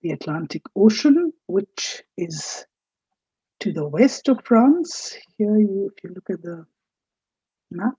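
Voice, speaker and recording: A woman teaches a recorded French lesson at an unhurried pace, pausing to correct how words are pronounced. Her voice is deep and husky. The recording is dry and dull. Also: lively intonation, mellow, no room sound. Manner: explanatory, corrects pronunciation. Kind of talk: recorded online lecture.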